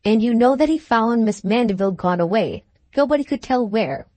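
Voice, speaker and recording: A woman's voice: a little high, expressive, brisk, a little mellow, no room sound, lightly acted. Woman playing a bitter, bedridden mother. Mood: secretive. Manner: commanding, secretive, curt.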